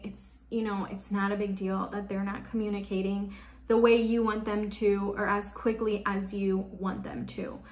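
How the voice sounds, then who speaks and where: Woman, parenting vlogger, chatty and casual, lots of "like", mid-pitched voice, echoey room at home. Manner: chatty, leans on "like" as a filler. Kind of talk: casual chat to camera.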